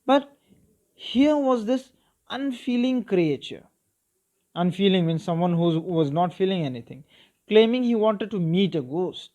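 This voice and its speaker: A man's voice: high voice, animated, warm tone. A male English teacher reading a story aloud and explaining it line by line, checking in with the class. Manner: explains slowly, checks in with "okay" and "clear".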